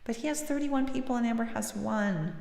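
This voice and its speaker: A woman's voice: a little high, a little fast, vocal fry, darkish tone, reverberant, in a large hall. A woman hosting a music livestream, chatting casually with viewers in a self-deprecating way and laughing easily.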